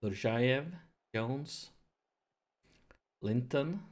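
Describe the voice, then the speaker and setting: A man hosting a let's play, commentating his football management game, nervous and excited, keeping his voice down at home late in the evening. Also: mid-range voice. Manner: excitable, nervous, talks to viewers; deliberately holds his voice down to avoid waking neighbors.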